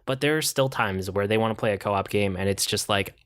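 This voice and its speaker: Low-voiced laid-back male podcast co-host. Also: fairly quick, a bit bright, clear, resonant tone, dry recording, studio quality. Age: adult parent. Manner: easygoing, reflective, many "like" and "you know" fillers. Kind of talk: casual chat.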